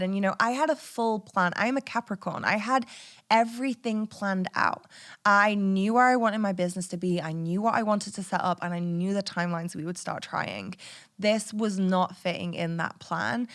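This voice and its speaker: Frank woman telling a story. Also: medium pitch. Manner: animated, frank, swears freely, laughs through stories. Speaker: podcast host. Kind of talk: candid storytelling monologue.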